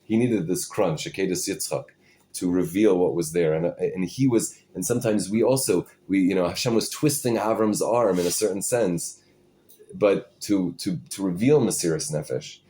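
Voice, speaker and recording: Low mellow guy giving a torah class, keeps restarting sentences, drops hebrew and yiddish words in. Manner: halting, repeats and restarts phrases; mixes Hebrew and Yiddish terms into English. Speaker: Torah teacher.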